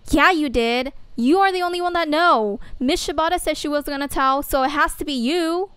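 A woman's voice: high voice, normal speed, fairly bright tone, no echo. A woman voicing a whiny, exasperated teenage schoolgirl. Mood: angry. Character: upset teenage schoolgirl, story's main girl.

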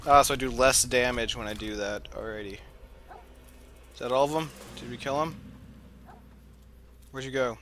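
A young man narrating his gameplay in a goofy, excitable way, often talking to himself. His voice sits at a middle pitch. A faint noise runs under the recording. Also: normal speed, pauses often. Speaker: let's play gamer. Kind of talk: casual gameplay commentary.

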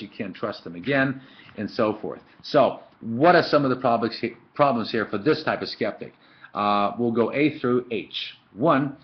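A man's voice: mid-range voice, slight background noise. A man teaching a philosophy lesson in a casual lecture style, full of fillers and storytelling asides, recorded on a webcam. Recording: dull lo-fi webcam audio.

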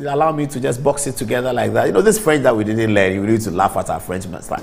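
A man with a Ghanaian accent hosting a TV news show from the studio, talking in a joking, animated way and repeating himself. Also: mid-range voice, quick pace, gravelly, few pauses. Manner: animated, joking, repeats words, mimics French phrases. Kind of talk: casual studio commentary.

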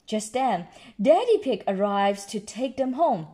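A woman reading a picture book aloud to a child, gently explaining words along the way. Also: mid-range voice, expressive, unhurried. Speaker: storyteller.

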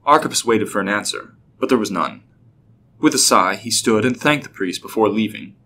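A man narrating a scripted story in a steady, even way. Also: fairly low pitch, normal speed, a little hiss or hum.

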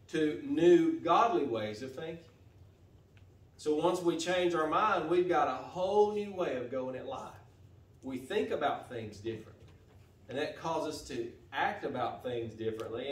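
A man with a fairly high voice preaches a sermon from a church pulpit, going over his points steadily and often repeating a phrase before he carries on. His voice comes from some way off the mic and rings through the roomy church. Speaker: pastor. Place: church sanctuary. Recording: echoey church from a distance.

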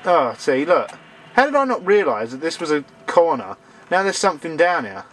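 A man's voice: a little high, sing-song, moderate pace, fairly bright tone. A man commentating a horror game, sarcastic and shrieking when startled. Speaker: let's play gamer.

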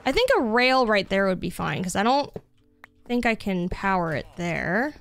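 A woman's voice: medium pitch, big pitch swings, moderate pace, gravelly, soft background music. A young woman streaming a building game, chatting casually and upbeat with lots of fillers. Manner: chatty and upbeat, many fillers, reads chat aloud. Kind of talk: casual live-stream chat.

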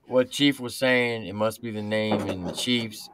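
A man's voice: fairly low pitch, fairly even intonation, unhurried, few pauses, crowd noise. A man, co-hosting a livestream music show in a teasing, joking way. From Louisiana, USA. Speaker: co-host. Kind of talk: casual livestream banter.

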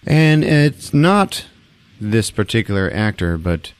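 A man hosting a podcast, retelling a movie in a jokey, laughing, animated way. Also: lowish voice, slow, clean tone, no echo. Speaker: podcast host. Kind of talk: casual movie recap.

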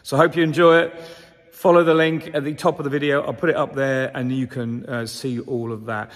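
A man's voice: mid-range voice, little pitch movement, fairly quick. Chatty beekeeper man in a reverberant room. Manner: chatty, upbeat, rambling with fillers. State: sore throat. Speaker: commercial beekeeper and channel host. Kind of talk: casual vlog chat. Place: honey house in France. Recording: long reverb.

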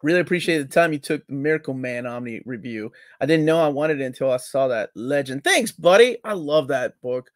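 A man co-hosting a live comics talk stream, relaxed and joking, loudly greeting people in the chat. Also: mid-range voice, a little fast, hardly any pauses, no room sound, clean studio sound. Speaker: co-host of a live comics show.

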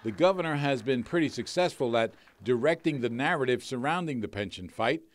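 A man reporting a broadcast news story in a measured, slightly wry delivery. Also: mid-range voice, lively intonation, no room sound.

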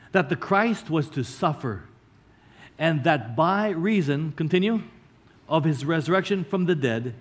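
High-voiced pastor man preaching earnestly. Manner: earnest, explaining scripture line by line, slowing down to stress key words. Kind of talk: sermon.

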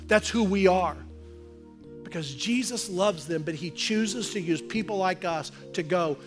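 A man preaching a sermon as pastor in a church, talking earnestly and conversationally, building to forceful exhortation. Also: sits high, unhurried, faint music behind. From Oklahoma, USA. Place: church sanctuary.

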